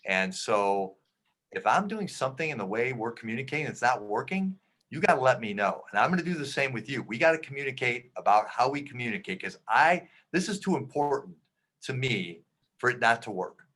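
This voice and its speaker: A middle-aged man talks to parents in an easy, conversational way, often restarting his sentences as he tells a story. His voice has a bright, forward edge, and he speaks with earnest warmth of purpose rather than polish. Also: medium pitch, expressive, brisk. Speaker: clinical psychologist speaking at a parenting webinar. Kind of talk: informal talk with storytelling.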